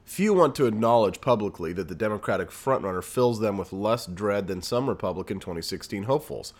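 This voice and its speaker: Male podcast host, low voice, lively swings in pitch, fired-up political rant. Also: a little fast. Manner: fired-up, ranting, reads news aloud with asides. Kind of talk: political commentary monologue.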